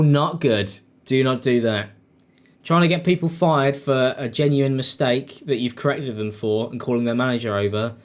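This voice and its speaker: A man doing casual, sarcastic commentary for his channel, rambling and swearing. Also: medium pitch. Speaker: commentary YouTuber.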